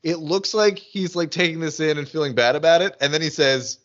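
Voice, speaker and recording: A man co-hosting a podcast in casual chat, animated and full of restarts as he talks. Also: a little high, a little fast, muffled recording. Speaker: podcast co-host. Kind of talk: casual chat recapping a TV episode.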